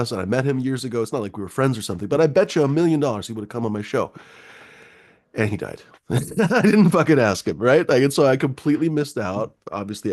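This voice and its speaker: A man's voice: mid-range voice, a little mellow. A man hosting a live-stream show, talking in a rambling, easygoing way with a lot of swearing. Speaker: host. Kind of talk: casual live-stream chat.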